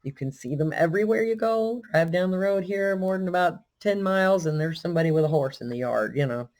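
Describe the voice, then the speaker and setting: An older woman from Texas with a Texan accent, telling a story in a casual, animated, self-deprecating way. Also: on the low side, fairly quick. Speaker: vlogger.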